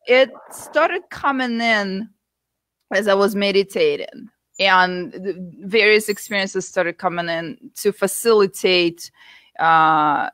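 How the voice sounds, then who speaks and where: A woman from the United States, a guest telling her story candidly with animated asides. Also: medium pitch, dry recording. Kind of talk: interview conversation.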